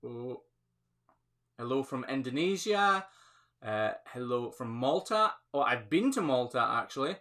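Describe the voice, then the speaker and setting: A man's voice: mid-range voice, very animated, measured pace, pushed and bright. Upbeat Scottish man hosting a live Q&A. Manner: chatty, upbeat, laughs often. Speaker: livestream host, hoof trimmer. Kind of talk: live Q&A chat reading viewer comments. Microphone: phone.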